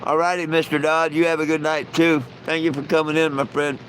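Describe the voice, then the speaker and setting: A man's voice: on the high side, little pitch movement, brisk, fairly bright tone, a little hiss or hum, low-quality recording. A man hosting a live stream, telling jokes in a folksy, rambling way with lots of "you know". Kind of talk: casual joke telling.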